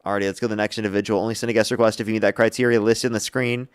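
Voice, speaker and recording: A man's voice: on the low side, little pitch movement, rapid-fire, clear, resonant tone, no room sound, studio quality. Teasing man hosting a live debate stream. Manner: casual, teasing, laughs between lines. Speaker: livestream debate host.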